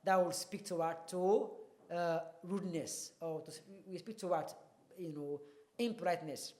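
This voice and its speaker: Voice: medium pitch, moderate pace, darkish tone. A teacher leads a televised English lesson, explaining each point and then asking the class rhetorical questions. The voice carries a roomy echo.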